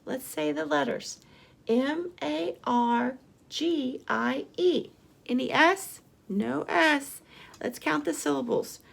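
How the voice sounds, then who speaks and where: A woman's voice: sits high, vocal fry. A woman teacher giving a remote lesson to young children, patiently spelling out letters and prompting them with questions. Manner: slow, patient, sing-song prompting, spelling letters aloud.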